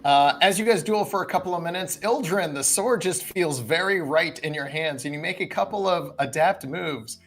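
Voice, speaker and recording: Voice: mid-range voice, normal speed, few pauses, a bit bright, faint music behind. Laid-back game master, conversational narration, streamed tabletop game.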